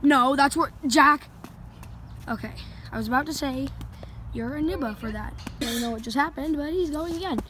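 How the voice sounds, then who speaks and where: A woman's voice: sits high, normal speed. A woman filming and narrating a mini golf game on a handheld phone outdoors, teasing her friend and dropping into mock-announcer asides. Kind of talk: casual joking commentary. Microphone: handheld phone camera. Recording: outdoor noise behind.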